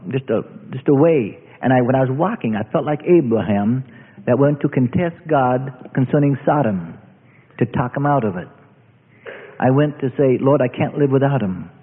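A middle-aged man preaching a testimony sermon, earnest storytelling that drops low and hushed at tense moments. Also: breathy edge. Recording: tinny lo-fi recording in a reverberant hall.

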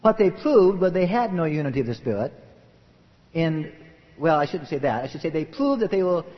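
A man preaching a sermon with passion, swinging between loud emphatic lines and hushed, muttered asides. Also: on the high side, sing-song, normal speed. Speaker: pastor. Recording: dull old recording in a reverberant hall.

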